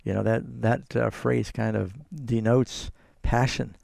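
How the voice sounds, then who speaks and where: A man's voice: medium pitch, level tone, measured pace, gravelly, darkish tone, no room sound, clean studio sound. A man hosting a call-in radio show as a pastor, earnestly explaining and quoting scripture. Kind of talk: call-in radio Bible answers.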